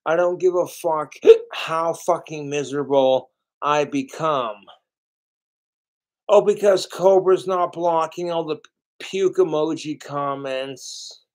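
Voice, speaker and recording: A man's voice: on the high side, slow pace. A man rambling through a livestream about his cooking videos, swearing often, drinking alcohol and circling back on himself with self-pity. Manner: profane, self-pitying, meandering with restarts.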